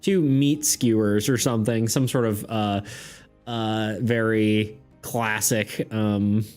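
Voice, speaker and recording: A man's voice: on the low side, steady tone, slow pace, darkish tone, clear, resonant tone, soft background music. A man running a tabletop game as game master, narrating loosely with lots of fillers and frequent laughter. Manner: giggly, rambling, lots of fillers.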